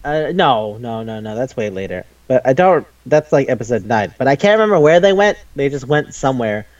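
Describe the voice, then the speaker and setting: A man co-hosting an anime podcast in casual chat, retelling scenes in an excitable, profane way. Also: medium pitch, brisk. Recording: dull lo-fi audio.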